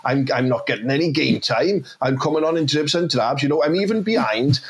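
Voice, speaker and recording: A man's voice: on the high side, animated, brisk, slight background noise. A man playing a frustrated young Welsh footballer who stammers and repeats his words, in a comedy sketch impression.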